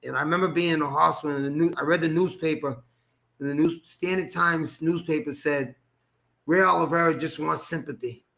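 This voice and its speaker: A man telling a personal story as an interview guest, animated, acting out quoted dialogue and laughing often. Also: fairly high pitch, brisk, creaky. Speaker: guest, former boxer.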